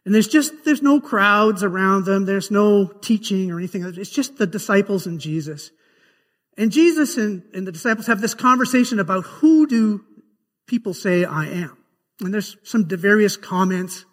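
A man's voice: high-pitched, lively intonation, normal speed, a bit bright, in a large hall. A man preaching a sermon, retelling scripture scenes as a vivid story. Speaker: pastor. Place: church sanctuary.

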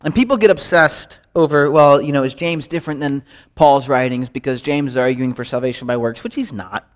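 A man teaching a midweek Bible study in a relaxed, conversational way, often repeating words to stress a point. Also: mid-range voice, brisk. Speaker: pastor.

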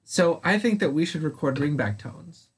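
Young male co-host, slightly higher pitch, husky, rambling casual talk. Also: animated, moderate pace. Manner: goofy, rambling, full of fillers. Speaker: podcast co-host. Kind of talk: casual chat.

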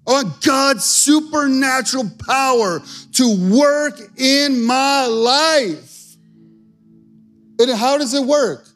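A man's voice: sits high, a bit bright. A male pastor preaching a sermon in an earnest, conversational way.

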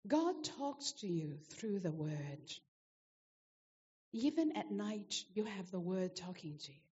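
A woman's voice: medium pitch, big pitch swings, slow pace, dark tone, long reverb tail, muffled recording. A woman preacher delivering a sermon, emphatic and repetitive, asking the congregation rhetorical questions.

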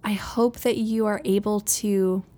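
A woman's voice: medium pitch, steady tone, measured pace, dark tone. Upbeat chatty woman podcast host. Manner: chatty and upbeat, laughing often at herself. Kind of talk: casual faith-based podcast monologue.

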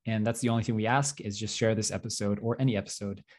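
A young man co-hosts a podcast, chatting casually and rambling, full of fillers and little laughs. His voice is fairly low and a little mellow, with a steady tone and a quick pace. He's self-deprecating and laughs often.

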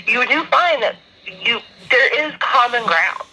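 A woman's voice: a little high, expressive, unhurried, bright, forceful tone, breathy edge, poor audio. A woman from New Jersey, a podcast host, talking in a brash, blunt, casual way. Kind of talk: casual chat.

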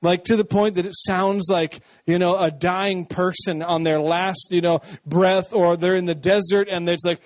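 A man preaching a sermon in a conversational, animated way, often acting out voices. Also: high voice, normal speed, few pauses, dry recording.

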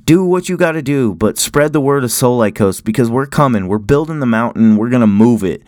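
A man's voice: mid-range voice, animated, a little fast, a little mellow, no room sound, clean studio sound. A man hosting a podcast, plugging it in a hyped, emphatic way. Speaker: podcast host. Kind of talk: promotional podcast outro.

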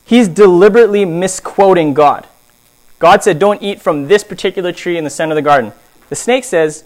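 A man preaching a sermon, telling stories in an animated way and swinging between loud emphasis and hushed asides. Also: sits high, fairly quick.

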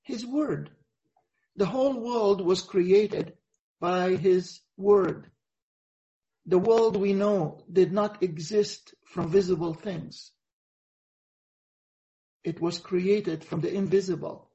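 A man preaching a sermon over a video call, earnest and reflective, pausing often. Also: high-pitched, dark tone, dull audio. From Egypt. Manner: earnest, reflective, halting with frequent pauses.

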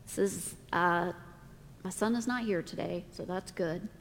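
A middle-aged woman pastor preaching a sermon, speaking deliberately with dramatic pauses. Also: fairly low pitch. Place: church sanctuary. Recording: long reverb of a church hall.

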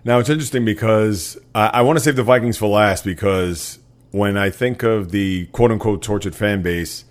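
A man's voice: fairly low pitch, normal speed. A man hosting a sports podcast, talking casually and at length with lots of fillers. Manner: rambling, filler-heavy, frequent "uh". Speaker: podcast host.

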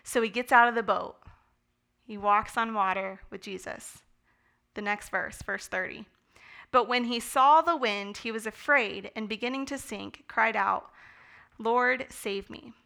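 A woman giving a conversational Bible teaching, enthusiastic and relaxed, with the odd filler. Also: a little high, measured pace, vocal fry. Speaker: speaker teaching a Bible study. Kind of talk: sermon-style Bible teaching.

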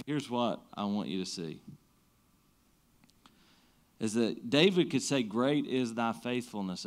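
Man preaching conversationally. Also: lowish voice. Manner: conversational preaching, frequent restarts, rises and drops in energy. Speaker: pastor. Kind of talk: sermon.

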